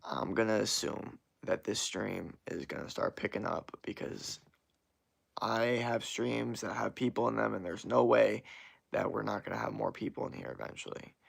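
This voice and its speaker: A man's voice: lowish voice, normal speed, vocal fry, breathy edge. A young man livestreaming, talking in a rambling, profane and frustrated way to his chat. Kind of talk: casual live stream chat.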